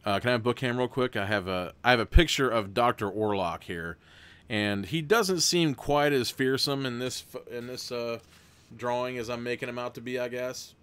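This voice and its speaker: A man narrating a gamebook on a live stream, with a mid-pitched voice. He rambles and restarts often, and drifts between reading and casual chat. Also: moderate pace, a bit bright, clean tone. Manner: rambling, self-interrupting, chatty asides.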